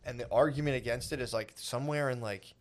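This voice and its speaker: A man's voice: mid-range voice, fast talker. Man, podcast host, rambling, swearing, laid-back. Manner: loose, rambling, lots of fillers and swearing. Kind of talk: casual comedic chat.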